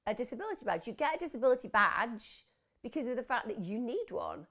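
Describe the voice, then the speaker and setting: A woman's voice: a little high, sing-song, quick pace. A middle-aged woman hosting a live wellbeing clinic, answering viewer questions in a reassuring therapist's manner. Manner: warm, reassuring therapist talk. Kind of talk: live advice chat, reading viewer questions.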